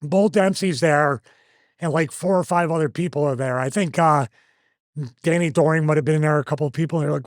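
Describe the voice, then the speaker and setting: A man in his fifties hosts and tells a story in a casual, animated style, acting out each quoted line. His voice sits fairly high for a man. The sound is dry and close to the mic. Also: brisk, dry recording. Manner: animated, acts out quoted lines. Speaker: host, former wrestler.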